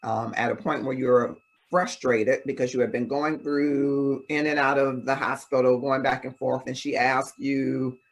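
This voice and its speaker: Man, husky voice, calm, affirming host. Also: mid-range voice, moderate pace. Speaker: interview host. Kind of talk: interviewing a guest.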